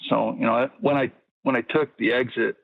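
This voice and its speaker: A man calling in to a talk show in casual chat, with a measured, agreeable manner. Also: medium pitch, steady tone, vocal fry, a bit bright, no echo, poor audio. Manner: measured, agreeable, many "yeah"s. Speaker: caller.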